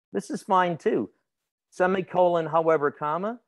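Guy teaching a grammar class, kinda high voice, chatty, keeps asking the room questions. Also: expressive, fairly quick. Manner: conversational, asks the class questions and laughs easily. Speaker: instructor.

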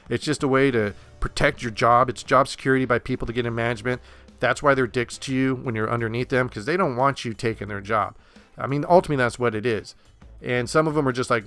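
A man's voice: medium pitch, fairly bright tone. A young man hosting a solo sports podcast, ranting in a blunt, fired-up and sarcastic way. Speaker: podcast host. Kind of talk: opinionated solo podcast rant.

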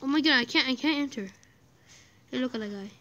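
Excitable high-voiced woman gamer. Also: quick pace, lo-fi sound, very noisy. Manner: excitable, playful, hums game tunes. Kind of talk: casual gameplay commentary.

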